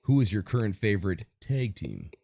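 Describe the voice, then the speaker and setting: A man hosting a podcast interview over a video call, with an energetic, announcer-like delivery. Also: fairly low pitch, moderate pace, creaky, slightly rough. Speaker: podcast host. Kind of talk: hype-style interview hosting.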